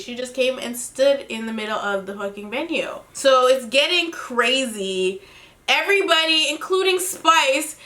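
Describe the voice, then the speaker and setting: A woman giving a casual, profane recap of a reality TV episode, animated and often laughing as she quotes the cast. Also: high voice, reverberant.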